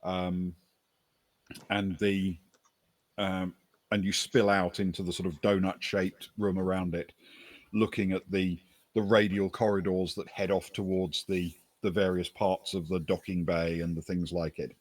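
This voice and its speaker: A man with a lowish voice runs a tabletop game, narrating each scene in an unhurried, pausing way. The sound is dry and close, with no room around it. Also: little pitch movement, no echo. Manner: descriptive, unhurried narration with many pauses. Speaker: game master.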